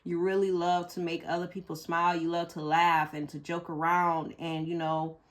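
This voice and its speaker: A woman's voice: fairly low pitch, flat delivery, moderate pace. A woman reading tarot cards for viewers in a casual, emotional way, cursing freely as she goes. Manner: blunt, emotional, curses freely. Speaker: tarot reader.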